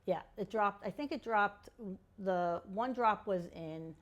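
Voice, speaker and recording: A woman's voice: medium pitch, takes it slowly, dull audio. A woman vlogger chatting casually to camera about luxury handbags, her voice scratchy as it recovers from being lost, rambling now and then and losing her train of thought.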